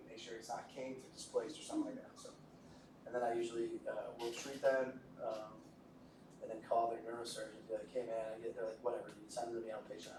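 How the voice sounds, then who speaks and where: A male instructor lectures a class in a relaxed, joking way and keeps asking his students questions. He sounds set back from the mic in an echoey room. A faint hiss runs under his voice. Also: mid-range voice, distant mic. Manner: jokey, conversational, asks the class questions. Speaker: medical lecturer.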